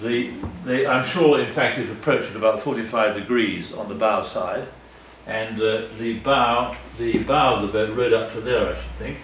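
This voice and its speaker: An older man with a fairly low voice speaks earnestly to an audience. He rambles and corrects himself as he goes, and his voice carries an echo in the room with faint ambient noise behind it. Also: fairly even intonation, moderate pace, hardly any pauses, fairly bright tone, recorded from a distance. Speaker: guest speaker. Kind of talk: public talk with slides. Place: meeting hall.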